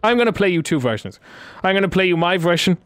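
A man's voice: sits high, animated, fast talker, fairly bright tone, no room sound. Playful male radio host, dry studio sound. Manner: playful, teasing. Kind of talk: casual radio chat.

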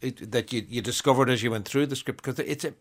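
A man's voice: mid-range voice, quick pace. A man hosting a radio arts interview in a conversational way, with stammering restarts.

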